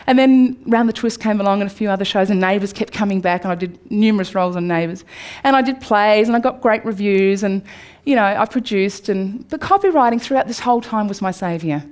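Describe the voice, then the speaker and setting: A woman's voice: medium pitch, fairly quick. Australian woman telling her story to a crowd. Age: 40s. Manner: candid storytelling, swings from upbeat to hushed. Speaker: speaker. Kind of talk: personal story talk to an audience. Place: room before a live audience.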